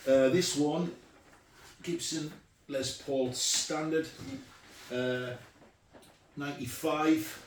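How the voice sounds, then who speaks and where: A man's voice: fairly high pitch, steady tone, drawn-out words, long pauses, a little hiss or hum. Rambling man, roomy sound. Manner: chatty, rambling, many ums and uhs. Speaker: guitarist showing his guitars. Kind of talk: casual show-and-tell. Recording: echoey room, mic at a distance.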